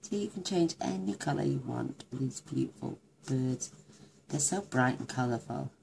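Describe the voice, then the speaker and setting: Gushing woman, very low and gravelly. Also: animated, moderate pace, darkish tone, slight background noise. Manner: gushing, chatty, thinks aloud while colouring. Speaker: craft demonstrator. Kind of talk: card-making tutorial.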